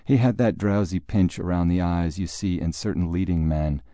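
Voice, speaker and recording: A man's voice: low-pitched, steady tone, moderate pace, warm tone, no room sound. A man narrating a story in a dry, wry manner. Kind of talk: audiobook narration.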